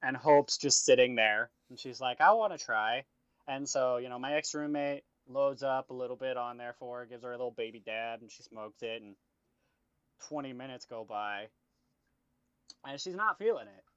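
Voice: mid-range voice, normal speed, clear, resonant tone, dry recording. Casual storyteller, swears freely and rambles; dull, dry lo-fi mic. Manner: rambling, profane storytelling full of "like". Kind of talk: casual chat.

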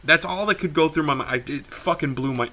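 A young man, a podcast co-host, telling a story in casual talk, animated, swearing freely and laughing as he goes. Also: on the high side, brisk.

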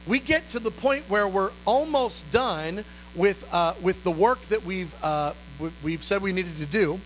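A male pastor telling a story in an animated, dramatic sermon style. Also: sits high, measured pace, slight background noise, rough recording.

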